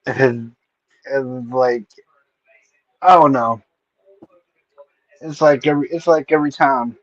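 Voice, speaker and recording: A man hosting a casual livestream chat who talks haltingly, with many fillers and restarts. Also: medium pitch, no room sound, highs cut off. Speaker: streamer host.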